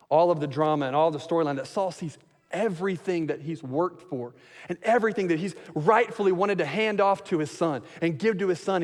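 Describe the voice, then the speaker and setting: A man preaching a sermon as pastor, animated, acting out quotes in different voices. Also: a little high, long reverb tail.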